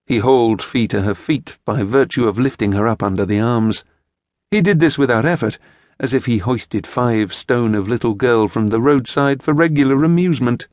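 Male audiobook narrator, expressive, middle pitch, dead-dry studio mic. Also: moderate pace, no echo. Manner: expressive storytelling. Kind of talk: scripted narration.

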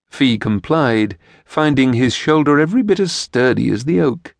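Expressive male audiobook narrator. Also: mid-range voice, normal speed, creaky, no echo. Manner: expressive storytelling. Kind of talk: scripted narration.

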